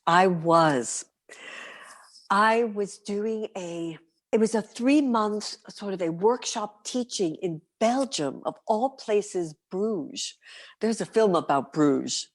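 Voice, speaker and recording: A middle-aged woman from New City, a guest performer telling her stories in an interview, lively and vivid, sometimes dropping to a whisper. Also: medium pitch, slow. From New York City. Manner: animated, vivid storyteller, breaks into soft whispers. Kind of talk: storytelling interview.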